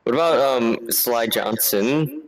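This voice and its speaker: A man's voice: medium pitch, sing-song, slow, poor audio. Laid-back man chatting over a game. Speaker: player. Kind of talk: casual tabletop game chat.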